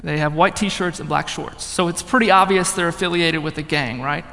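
A young man with a notably high voice tells his personal testimony, swinging from loud outbursts into hushed, quiet passages. His words ring out with a long reverb, as in a large hall. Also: moderate pace, vocal fry. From northern United States. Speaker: speaker giving a testimony.

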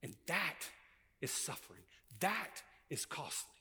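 A man preaching a sermon, swinging from loud, emphatic preaching to hushed, intense passages. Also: on the high side, sing-song, takes it slowly, in a large hall. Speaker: pastor.

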